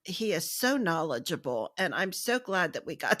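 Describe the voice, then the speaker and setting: A woman's voice: lowish voice, very animated, moderate pace. An American woman co-hosting a podcast, who speaks in an effusive, grateful way. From United States. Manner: effusive, warm thanks. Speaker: podcast co-host. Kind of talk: casual chat.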